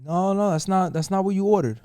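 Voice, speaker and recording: A man's voice: high-pitched, brisk, warm tone, clear, resonant tone, no room sound, studio quality. A middle-aged man with a New York accent, telling a story in casual podcast chat, swearing often and acting out the other voices. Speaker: podcast co-host.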